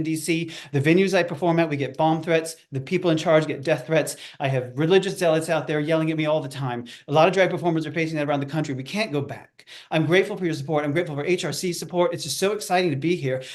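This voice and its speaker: An older man from Indiana, a drag performer, gives a theatrical, campy rally speech over a video call and calls everyone darling. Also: fairly high pitch.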